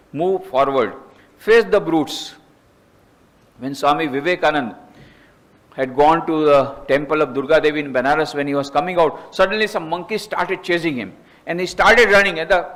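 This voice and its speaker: A man with an Indian accent, a monk giving a lecture, emphatic and repetitive, climbing high in pitch to stress his points. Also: fairly bright tone.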